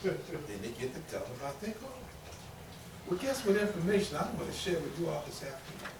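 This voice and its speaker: A man preaching a sermon in call-and-response style, emphatic and lively. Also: fairly high pitch, brisk, vocal fry. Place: temple meeting hall. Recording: roomy, distant audience recording with faint noise.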